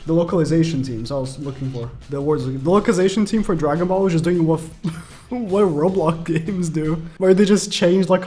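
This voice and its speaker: A man's voice: fairly high pitch, a little mellow. Chatty man giving gameplay commentary. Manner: chatty, rambling, laughs often and rants. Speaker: gaming YouTuber.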